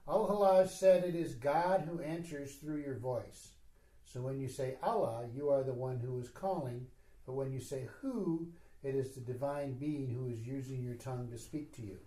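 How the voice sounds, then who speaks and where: Mellow-voiced man teaching in an echoey room. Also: mid-range voice, moderate pace. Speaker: spiritual teacher. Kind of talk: retreat teaching talk. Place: retreat hall.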